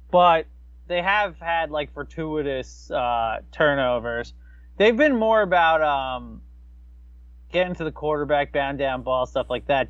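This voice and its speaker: Fairly high-voiced man, dull dry sound. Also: no echo. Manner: rambling, animated, jokey asides. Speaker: podcast co-host. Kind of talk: casual sports chat.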